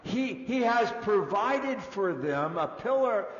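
Animated man preaching in an echoey hall. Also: high-pitched, slow. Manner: animated, swings between loud and hushed. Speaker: pastor. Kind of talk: sermon. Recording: dull echoey hall recording.

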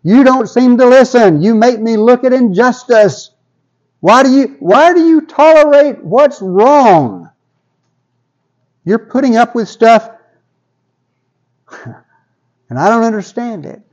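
A man's voice: animated, moderate pace, highs cut off. A man voicing an anguished ancient prophet who cries out to God in complaint. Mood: exasperated. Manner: pleading, exasperated, high-pitched outcry. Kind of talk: dramatized scripture paraphrase in a sermon.

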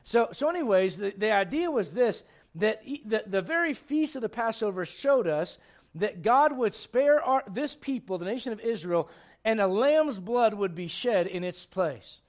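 A man preaching a sermon, chatty and repetitive with asides to the listeners, swinging from hushed tender passages to loud shouting bursts. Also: sits high, lively intonation, normal speed. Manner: repeats words, folksy asides to the congregation.

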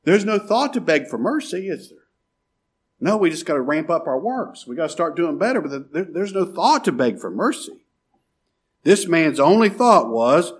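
Husky-voiced preacher man, animated. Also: on the high side, moderate pace. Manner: preaching with rhetorical questions and sudden drops to a near-murmur. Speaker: pastor. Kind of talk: sermon.

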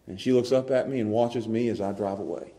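A man's voice: lowish voice, fairly quick, warm tone. A man preaching a sermon as pastor, emphatic and repeating words as he pleads.

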